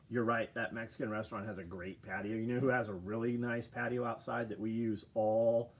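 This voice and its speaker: A man hosting a casual livestream, talking bluntly and profanely and reacting to viewer comments. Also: lowish voice. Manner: blunt, profane, animated ranting. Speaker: livestream host.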